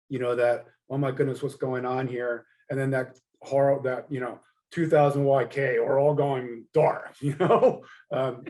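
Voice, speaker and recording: Measured middle-aged man, reflective guest. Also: medium pitch, darkish tone, rough recording. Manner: reflective, measured, repeats "again" and "yes". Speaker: guest coach. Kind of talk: conversational interview.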